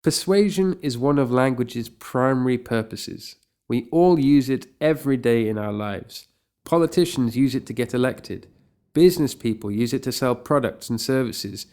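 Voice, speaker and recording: A man tutoring Latin grammar in a mid-pitched voice. He explains patiently and clearly, and his enthusiasm shows through light, playful remarks. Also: darkish tone. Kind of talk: scripted grammar lesson.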